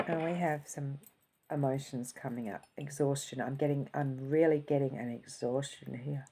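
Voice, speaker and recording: A woman's voice: very deep voice, fairly even intonation, normal speed, dark tone, husky. A woman talking to camera as an intuitive channeler, giving a casual spiritual reading and thinking aloud as she goes. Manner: chatty, thinking aloud, yawning and laughing.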